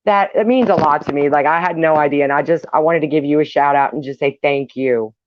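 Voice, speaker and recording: Woman, sincere, hesitant, dull lo-fi call audio with faint hiss. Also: sits low. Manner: earnest, halting thanks. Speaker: livestream guest. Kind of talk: casual chat.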